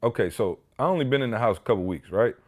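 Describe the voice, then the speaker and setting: A man hosting a podcast, telling stories in casual chat with slangy, animated delivery. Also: medium pitch, fast talker. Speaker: podcast host.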